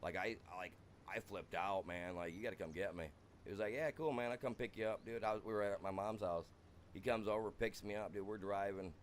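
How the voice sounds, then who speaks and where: A man's voice: on the low side, steady tone, a little fast, slight background noise. A young American man streaming a farming game, rambling through a wild personal story and saying "dude" constantly.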